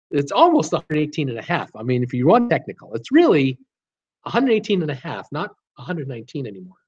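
A man's voice: on the high side, huge pitch swings, brisk, pauses often, darkish tone, husky, muffled recording. A man hosting a travel vlog in a casual, enthusiastic livestream chat, reading out viewer comments. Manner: enthusiastic, repeats praise words.

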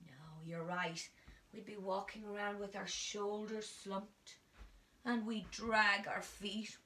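Filmed on a phone from some distance at home, this Irish woman leads little kids through a drama lesson, coaxing them playfully and frequently whispering. Here her voice sits at medium pitch, a little slow, bright and forceful.

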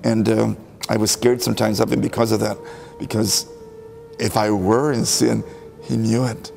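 Gravelly man telling candid memories. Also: fairly low pitch, little pitch movement, normal speed, a little mellow, faint music behind. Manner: candid, self-mocking storytelling. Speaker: parishioner recalling a priest. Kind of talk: documentary interview.

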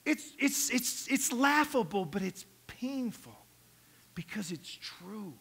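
A man's voice: very high voice, measured pace, pushed and bright. A middle-aged male pastor preaching a sermon in a conversational, humorous way, acting out little quotes.

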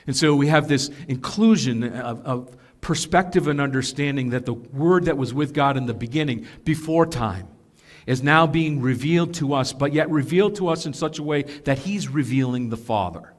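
A man's voice: medium pitch, moderate pace. Earnest man preaching a sermon. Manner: earnest, emphatic teaching with restarts and asides. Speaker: pastor.

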